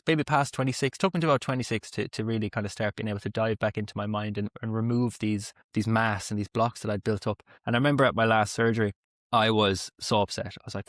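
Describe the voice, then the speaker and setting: A man in his twenties or thirties talks fast and openly, with a candid, heartfelt edge and some swearing. His voice sits at a middle pitch and sounds dry and close to the mic. It is a podcast conversation. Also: dry recording. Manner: open, heartfelt storytelling with swearing. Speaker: podcast host.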